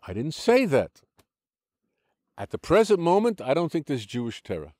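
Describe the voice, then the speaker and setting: A man's voice: on the high side, huge pitch swings, moderate pace, darkish tone, dry recording. Older american guy being interviewed, lectures and argues, lots of restarts, dry close sound. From United States. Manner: argumentative, lecturing with many restarts and "look". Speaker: interview guest.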